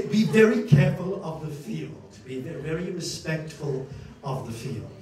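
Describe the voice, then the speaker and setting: Animated man lecturing in an echoey hall. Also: fairly high pitch, normal speed. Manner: animated storyteller, acts out scenes, laughs often. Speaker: lecturer giving a master class. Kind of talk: lively master-class lecture. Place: university lecture room. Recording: echoey hall, distant mic.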